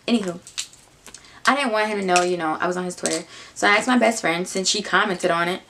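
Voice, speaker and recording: Give me a young woman vlogger telling a casual story, lively with quiet muttered asides. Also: brisk. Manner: animated, swings to low muttered asides.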